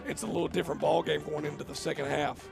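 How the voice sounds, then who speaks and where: A man's voice: fairly high pitch, little pitch movement, fast, creaky, music in the background. A man doing live play-by-play commentary, jokey and rambling, laughing often. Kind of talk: live game commentary with banter.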